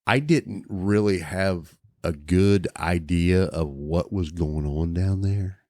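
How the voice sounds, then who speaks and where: A man co-hosting a podcast, telling stories in a casual, animated way, laughing and restarting his sentences. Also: deep voice, takes it slowly, dry recording, clean studio sound. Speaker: podcast co-host.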